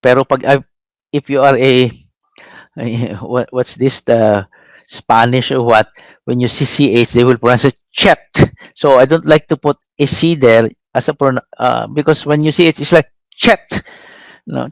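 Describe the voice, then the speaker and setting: Slow, halting Filipino lecturer. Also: male voice, medium pitch, gravelly, no echo, rough recording. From Philippines. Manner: halting, many fillers, checks in with "no?". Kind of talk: classroom lecture.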